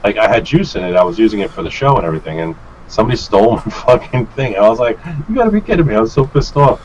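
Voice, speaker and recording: A man's voice: lowish voice, racing, muffled recording, slight background noise. A man telling a casual, profane story as a guest on a live stream, acting out his own outbursts. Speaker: guest vape reviewer.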